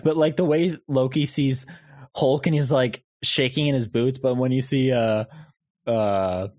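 A man's voice: mid-range voice, steady tone, measured pace, darkish tone, dry recording. A young man with a mid-range voice talks casually about films, laughing through his stories. He rambles, swears easily, and gets carried away with anecdotes. His voice sounds dry and close to the mic. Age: young adult. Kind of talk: casual movie chat.

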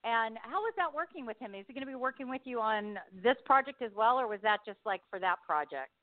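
A woman's voice: on the high side, lively intonation, a little fast, no room sound. A woman hosting an interview, reacting with enthusiasm and asking short questions. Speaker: interview host. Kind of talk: casual interview chat. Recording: tinny phone line, dry.

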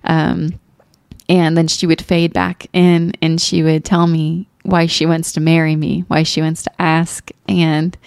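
A woman telling a personal story in casual chat, animated and emotional, laughing often. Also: low-pitched, measured pace, vocal fry, clean tone, no echo, studio quality. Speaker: podcast co-host.

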